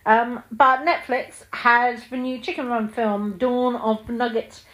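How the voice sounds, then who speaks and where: A woman's voice: on the high side, steady tone, a little slow, fairly bright tone, low-quality recording. A woman in her thirties hosting a solo film podcast, chatting in a gushing way with lots of ums. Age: 30s. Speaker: podcast host. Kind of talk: casual solo film chat.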